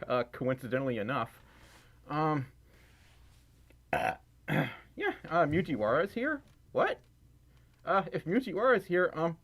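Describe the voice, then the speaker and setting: A man hosting a casual livestream, rambling and self-deprecating while fiddling with his audio. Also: a little high. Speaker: livestream host.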